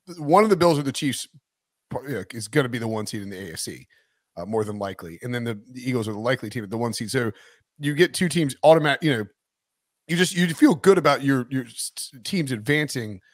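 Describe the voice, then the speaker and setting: Man hosting a sports podcast, rambling and jokey, dry close sound, mid-pitched voice. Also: lively intonation, fast, dry recording. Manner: thinks aloud, jokey, rambling. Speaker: podcast host. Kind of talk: casual sports chat.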